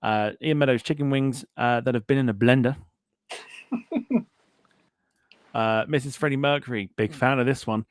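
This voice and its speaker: A man's voice: mid-range voice, normal speed, long pauses, no room sound, clean studio sound. A man hosting a casual aviation podcast, reading out live chat comments in a jokey way and laughing often. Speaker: podcast host.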